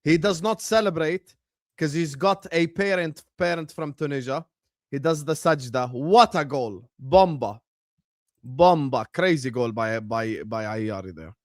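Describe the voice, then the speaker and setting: A man's voice: mid-range voice, unhurried, no room sound. Chatty man, dry close sound. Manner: chatty, bursts into excited shouting at goals. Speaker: livestream host. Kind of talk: casual live watchalong commentary.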